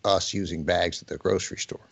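A man's voice: low voice, steady tone, brisk, vocal fry. A man co-hosting a podcast, chatting casually in a rambling, hesitant way with lots of fillers. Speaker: podcast co-host. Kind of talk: casual comedic chat.

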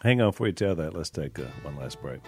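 A man co-hosting a casual chat, chiming in with quick remarks. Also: very deep voice, expressive, music in the background. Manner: quick interjecting sidekick. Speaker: podcast co-host.

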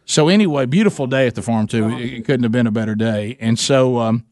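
A man, telling a rambling, animated story in casual chat, with many restarts. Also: medium pitch, fast talker.

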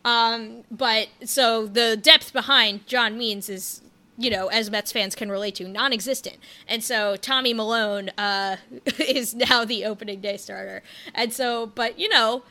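A woman's voice: fairly high pitch, fairly even intonation, a little slow, bright, forceful tone. A young woman co-hosting a casual podcast chat, talking loosely with many fillers and easy laughs. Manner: chatty, lots of fillers, laughs often. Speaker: podcast co-host.

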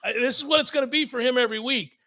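High, bright man joking about coaches. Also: racing. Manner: wry, joking banter. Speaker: sports show co-host. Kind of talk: casual sports chat.

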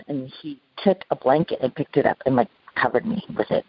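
A middle-aged woman recounting a past ordeal in an interview, halting, with many restarts and fillers. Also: extremely low pitch, breathy edge, no room sound. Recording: dull, lo-fi sound.

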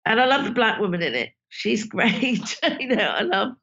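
A woman's voice: on the high side, very animated, normal speed, fairly bright tone. A woman film director, talking casually and emotionally in an interview, full of "you know" fillers. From Britain. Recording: dull lo-fi sound.

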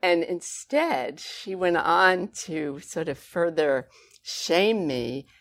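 A woman, a guest author, telling stories conversationally with animated, expressive emphasis. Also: lowish voice, takes it slowly. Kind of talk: conversational storytelling.

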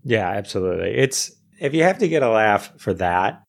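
A man's voice: lowish voice, normal speed, creaky. A man hosting a podcast, chatting casually with a guest, loose and chatty with lots of fillers. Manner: relaxed, chatty, frequent fillers. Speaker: podcast host. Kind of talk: casual interview chat.

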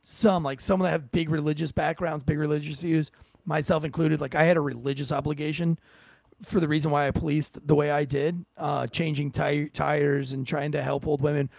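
A man's voice: a little high, level tone, moderate pace, creaky, a little mellow, no echo. A man who was once a police officer, hosting a podcast in casual, profane, joking chat and reading ads. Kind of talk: casual chat and host-read ad.

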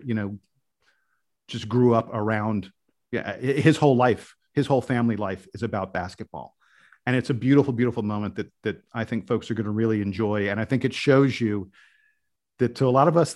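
A man's voice: on the low side, darkish tone. A man guesting on a podcast, telling stories in an eager, rambling way with frequent restarts. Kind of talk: casual podcast conversation.

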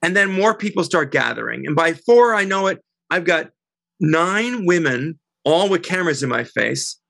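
A middle-aged woman as an interview guest, telling a heated story in an animated, indignant way. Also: lowish voice, moderate pace, gravelly, no room sound. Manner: animated, indignant, quotes others.

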